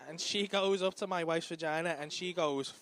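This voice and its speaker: A man doing a stand-up comedy set on a club stage, telling a profane, animated story into a handheld mic with audience laughter behind. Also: a little high, normal speed, slight background noise.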